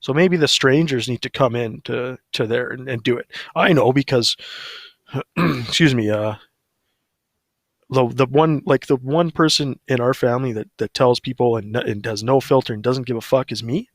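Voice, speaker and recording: A man's voice: mid-range voice, moderate pace, no echo. Brief: man, crude no-filter ranter, plain mid voice, dry. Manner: profane, blunt ranting. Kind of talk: casual storytelling on a livestream.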